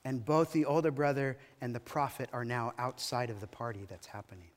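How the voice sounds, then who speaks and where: A man's voice: mid-range voice, steady tone, brisk, in a large hall. A male pastor preaching a sermon in a church, telling the story emphatically with dramatic rises and falls. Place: church hall.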